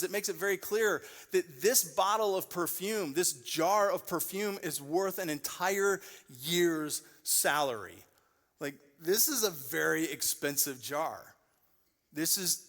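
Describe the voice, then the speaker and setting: A man in his forties delivers a sermon from a church stage, his voice sitting a little high. He tells stories and acts out the people in them with lively energy. The sound carries the long reverb of a large church auditorium. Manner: animated storyteller, acts out quoted voices. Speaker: pastor.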